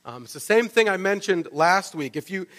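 A man preaching a sermon, telling the story in a lively way and often checking in with "right?". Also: high voice, normal speed. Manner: animated storytelling, with frequent restarts and "right?" asides. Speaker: pastor. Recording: long reverb of a large hall.

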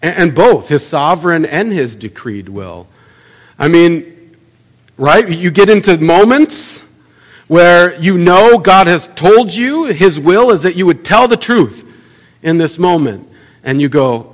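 A pastor giving a sermon in a conversational way, asking the congregation rhetorical questions and acting out little everyday asides. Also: male voice, fairly high pitch, expressive, a little slow. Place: church sanctuary. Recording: long church reverb.

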